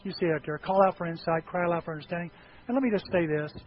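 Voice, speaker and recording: Man, pastor, sermon, high-pitched, fiery shouting bursts, faint hiss. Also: fast. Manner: swings from quiet talk to impassioned shouting; acts out prayers and dialogue. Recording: dull lo-fi with faint noise.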